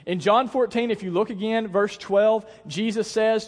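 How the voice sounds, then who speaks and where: A man preaching a sermon as a pastor, in a conversational, animated way, telling stories and asking the congregation questions. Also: sits high, moderate pace, few pauses, long reverb tail. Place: church sanctuary.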